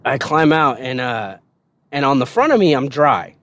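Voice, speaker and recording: His pitch swings widely and his tone is a bit bright as he speaks at a moderate pace. The man is telling a podcast story about his past in a casual way, swearing freely, laughing often, and acting out other people's quotes in a higher voice.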